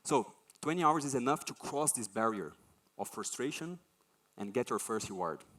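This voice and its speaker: Conference speaker: a man, animated, acts out voices in his anecdotes. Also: medium pitch, normal speed. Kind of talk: conference talk.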